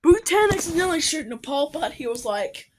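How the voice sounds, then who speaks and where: A woman reacting to videos in casual commentary, excitable and exclaiming at the screen. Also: high voice, brisk. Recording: loud background noise.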